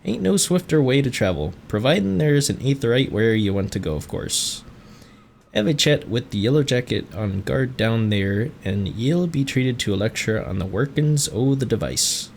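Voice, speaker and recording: A man voicing a rough, friendly male tavern keeper in a salty dialect, with a gravelly edge. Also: mid-range voice, brisk, hardly any pauses, slight background noise, natural voice. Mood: instructive. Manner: piratey dialect, dropped endings, hearty.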